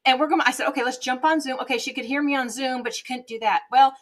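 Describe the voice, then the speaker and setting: A woman guest on an interview show, telling lively stories, often laughing and acting out quoted dialogue, heard through a webcam microphone. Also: high voice, fast talker. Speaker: guest, TV show host and business owner. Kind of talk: casual interview storytelling.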